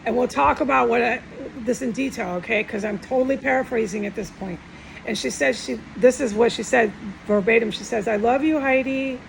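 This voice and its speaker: A woman's voice: a little high, brisk, creaky, slight background noise, rough recording. A middle-aged woman talking tearfully and in a rambling, upset way in a personal monologue, often trailing off and starting over.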